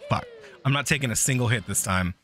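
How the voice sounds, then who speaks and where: A man streaming a video game live, swearing and ranting at the game and his chat, his voice jumping high when frustrated. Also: quick pace, a bit bright, soft background music. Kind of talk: live gameplay commentary.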